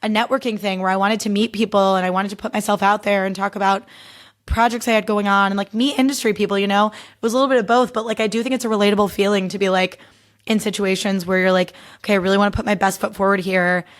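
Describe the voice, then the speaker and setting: Young woman, podcast host, casual solo chat, candid, says "like" constantly, mid-pitched voice. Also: fairly even intonation, fast. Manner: chatty and candid, heavy use of "like".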